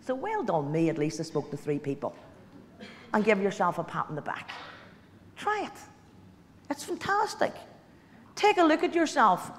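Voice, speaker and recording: A woman's voice: medium pitch, fairly bright tone, a little hiss or hum. A woman giving a motivational talk to an audience, chatty and direct, repeating key lines for emphasis. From Ireland. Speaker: motivational guest speaker. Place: large hall. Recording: hall reverb, stage speech.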